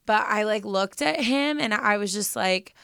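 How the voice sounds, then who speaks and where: Young woman with a gravelly, smooth voice. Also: medium pitch, unhurried, fairly bright tone, no room sound, studio quality. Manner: chatty, heartfelt, many "like" fillers. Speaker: podcast co-host. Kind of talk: casual chat.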